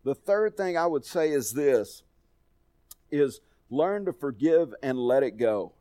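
Folksy pastor telling stories. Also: male voice, mid-range voice, animated, slow pace, mellow. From Texas. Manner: folksy storytelling, conversational. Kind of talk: sermon with personal stories.

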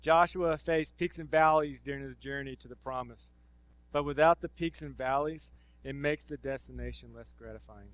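A man preaching a sermon in a casual, conversational way with slang, swinging between loud emphasis and near-murmured asides. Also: mid-range voice, normal speed, dry recording, poor audio.

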